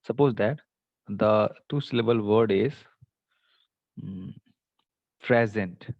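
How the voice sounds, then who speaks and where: A man's voice: lowish voice, slow, vocal fry, no room sound, muffled recording. A man teaching an online English class, explaining patiently with many fillers. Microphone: computer mic on video call.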